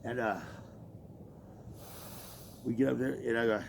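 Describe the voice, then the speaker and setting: A man's voice: medium pitch, flat delivery, unhurried, vocal fry, noisy background. A man venting a long story in casual, profane, rambling talk, acting out what was said back and forth. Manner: profane, rambling, acts out quoted exchanges. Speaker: laborer telling his story.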